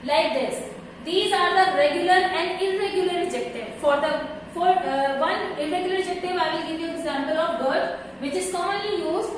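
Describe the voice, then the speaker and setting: A woman with a Pakistani accent teaching English grammar, spelling out letters and repeating her examples slowly. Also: extremely high pitch, a little hiss or hum. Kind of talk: recorded classroom lesson. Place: classroom. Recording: echoey room, far from the mic.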